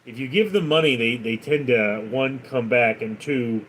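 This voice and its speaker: A man's voice: mid-range voice, normal speed, a bit bright, a little hiss or hum, poor audio. A man hosting a live stream, casually reading out viewers' comments and answering them with chatty stories. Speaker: livestream host.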